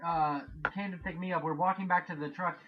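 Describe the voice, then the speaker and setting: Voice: mid-range voice, steady tone, a little fast, a crowd in the background. A podcast panelist telling a story in a blunt, joking way during a casual chat, on a dull lo-fi recording.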